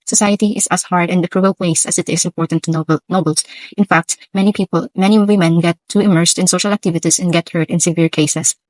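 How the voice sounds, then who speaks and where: Brief: woman reads a soft-spoken doting father, dry close sound. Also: lowish voice, fairly even intonation, quick pace, no room sound, natural voice, low-quality recording. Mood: gentle. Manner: gentle, fatherly. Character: doting noble father, tearful and gentle.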